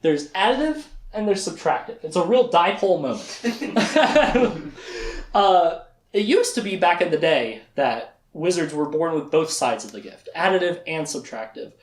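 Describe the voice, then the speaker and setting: Man, podcast host, casual book recap, lively pitch, acts out quotes, echoey room. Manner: animated, acts out characters' lines in quick quoted voices.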